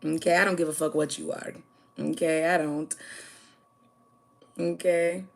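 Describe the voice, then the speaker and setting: An American woman on a livestream, talking straight at her viewers in a blunt, confrontational rant. Her voice sits somewhat low for a woman, and she keeps punching lines with a sharp "okay?" as she swears her way through. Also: flat delivery, unhurried, creaky. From United States. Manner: addresses viewers directly, repeating "okay?". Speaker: livestream host. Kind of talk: livestream rant answering chat.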